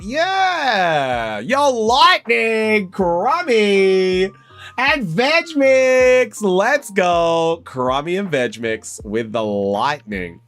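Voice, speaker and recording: A young Australian man hosting a casual live stream, chatty and excitable, calling viewers mate and bro and breaking into loud, high exclamations. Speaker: live stream host opening trading card packs.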